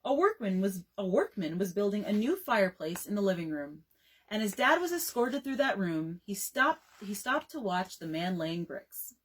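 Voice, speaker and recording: A woman librarian reading a bedtime story aloud in an expressive, storytelling way. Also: mid-range voice, moderate pace, slightly rough, rough recording.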